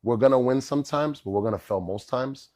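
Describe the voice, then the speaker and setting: A middle-aged man, a chef and podcast guest, telling stories in a casual, animated way and often checking in with "bro" and "right?". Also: mid-range voice, brisk. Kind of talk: casual storytelling chat.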